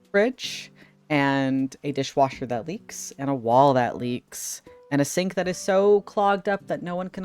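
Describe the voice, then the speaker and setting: A man's voice: fairly high pitch, smooth. A man streaming as a VTuber, chatting casually with his viewers. He jokes sarcastically, laughs often and fills his talk with "like" and "um". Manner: many fillers like "like" and "um". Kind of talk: casual live-stream chat.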